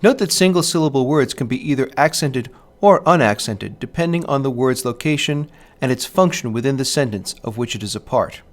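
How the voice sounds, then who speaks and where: A male teacher narrates a scripted poetry lesson in a voice of ordinary pitch for a man. He talks in a measured way. When he reads lines of verse aloud, he leans on the stressed beats. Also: expressive.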